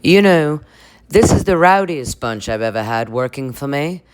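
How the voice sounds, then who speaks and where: A woman's voice: very deep voice, expressive, moderate pace, clear, resonant tone. A woman doing an impression of a posh older woman scolding her staff. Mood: bossy. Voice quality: imperious, scolding. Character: posh older British woman boss, bossy.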